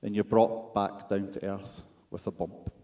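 A man's voice: lowish voice, level tone, measured pace, dark tone. A man with a Scottish accent preaching a sermon, with wry, self-deprecating humor and rhetorical questions to the congregation.

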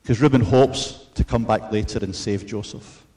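A man preaching a sermon in an earnest, measured way, mixing in storytelling asides. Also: fairly low pitch, dark tone, a little hiss or hum.

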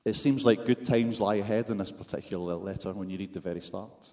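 A man's voice: lowish voice, fairly quick, mellow. Scottish guy giving a sermon, dry jokes at his own expense, keeps asking the room questions. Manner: wry, self-deprecating humor with rhetorical questions. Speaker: preacher.

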